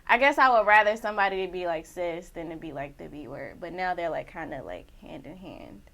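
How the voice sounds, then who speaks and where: A woman's voice: lowish voice, animated, brisk, gravelly, fairly bright tone. A young woman from Richmond, Virginia, co-hosting a casual chat show and talking with lots of "like" fillers. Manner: chatty, many "like" fillers. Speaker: co-host.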